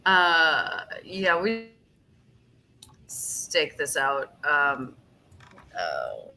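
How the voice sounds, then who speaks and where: A woman's voice: low-pitched, wildly swooping pitch, vocal fry, bright, forceful tone, slight background noise. A woman playing a tabletop game in a playful, casual way. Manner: playful, quick to laugh. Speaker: player.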